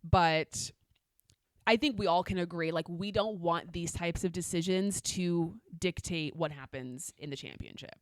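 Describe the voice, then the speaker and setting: A woman's voice: fairly low pitch, unhurried, no echo, clean studio sound. A woman co-hosting a casual podcast, chatting loosely, restarting sentences and laughing often. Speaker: podcast co-host. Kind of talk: casual chat.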